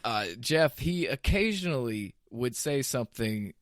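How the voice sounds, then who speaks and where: A man's voice: medium pitch, expressive, a little slow, noisy background. A man co-hosting a podcast, chatting with dry, understated humor. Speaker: podcast co-host. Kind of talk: casual chat.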